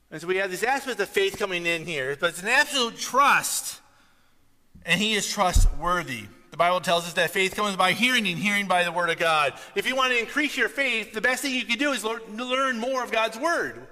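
A man's voice: sits high, bright, forceful tone, long reverb tail. A man preaching a sermon in a chatty, conversational way, often checking in with his listeners. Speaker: pastor.

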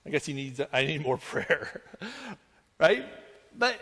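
A pastor delivers his sermon in an earnest, conversational way, his voice sitting high for a man. He keeps checking in with the congregation with quick asides. The sound rings with the long reverb of a large hall. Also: sing-song, a bit bright, breathy edge. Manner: earnest, conversational preaching with frequent "right?" asides.

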